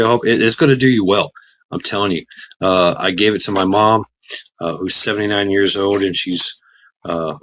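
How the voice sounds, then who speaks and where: A middle-aged man hosting a casual livestream, rambling with many fillers, greeting chatters by name and breaking into excited shouts. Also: on the low side. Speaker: livestream host.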